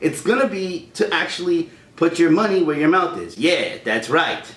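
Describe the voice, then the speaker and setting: A man's voice: high voice, normal speed, roomy sound. A man hosting a casual ranting chat, heated and rambling, stumbling over restarts. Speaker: YouTube channel host.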